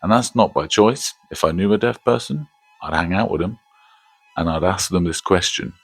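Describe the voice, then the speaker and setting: A man's voice: deep voice, moderate pace, husky, dry recording, soft background music. A man hosting a casual movie review, rambling, laughing often and swearing casually.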